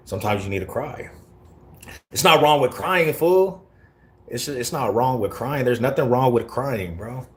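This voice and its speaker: A man's voice: medium pitch, expressive, measured pace. A man from Colorado live-streaming and answering his chat in brash, confrontational street slang. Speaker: livestreamer reading chat. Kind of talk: casual live-stream talk.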